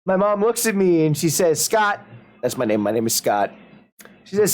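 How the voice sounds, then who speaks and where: Lively rambling man telling stories. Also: high voice, normal speed. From Upper Midwest United States. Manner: rambling storyteller, animated and joking. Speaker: streamer host. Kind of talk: casual chat.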